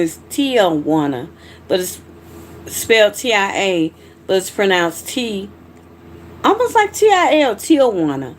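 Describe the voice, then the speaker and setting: A woman's voice: medium pitch, slight background noise. A middle-aged woman from Georgia with a Southern accent, chatting frankly with viewers on her livestream and reacting to their comments. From Georgia, USA. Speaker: livestream host. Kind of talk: casual livestream chat reading comments.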